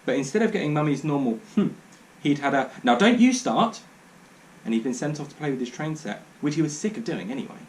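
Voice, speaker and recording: A man's voice: a little high, lively intonation, rapid-fire, few pauses, darkish tone, low-quality recording. A man reading a children's book aloud in a dry, wry narrating manner. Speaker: storyteller.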